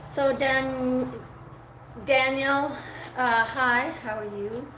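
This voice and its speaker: A woman's voice: high voice, fairly even intonation, drawn-out words, fairly bright tone. Woman dog groomer, live-stream host, casual and cooing, device mic in a noisy, reverberant grooming room. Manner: chatty, coos at the dog between talking to viewers. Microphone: device mic, her own mic not set up. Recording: echoey room with background noise.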